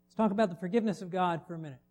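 A man's voice: high voice, racing, darkish tone. A middle-aged man preaching a sermon, conversational and full of rhetorical questions to the congregation. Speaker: pastor.

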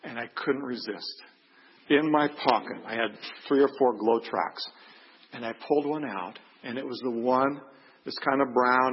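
Husky older man telling a testimony. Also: medium pitch. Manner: earnest, plain-spoken, acts out quoted lines. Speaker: speaker giving a testimony. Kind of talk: storytelling testimony. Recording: echoey hall, dull lo-fi sound.

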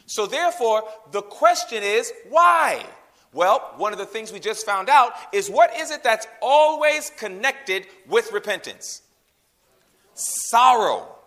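A man preaches a sermon in a high, bright, forceful voice. He keeps quizzing the congregation with call-and-response questions. He swings between loud, punchy emphasis and soft, hushed passages. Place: in a room with a congregation.

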